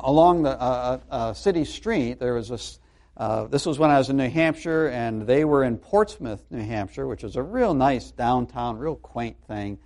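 A middle-aged male pastor delivering a sermon, his pitch a little high and swinging widely as he tells a story. He talks conversationally, breaking off with fillers and starting sentences over. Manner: storytelling, animated, with many fillers and restarts.

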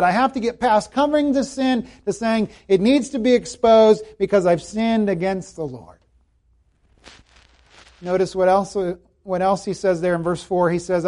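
A man preaching a sermon, earnest and emphatic, repeating key phrases and dropping to a hushed voice when quoting scripture. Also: high-pitched. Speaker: pastor.

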